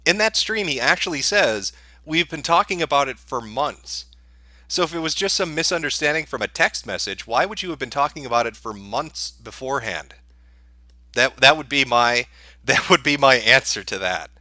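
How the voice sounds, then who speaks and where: A man's voice: medium pitch, lively intonation, normal speed, bright, forceful tone, dry recording. A man answering viewer questions on a livestream in a sarcastic, profane, dismissive rant.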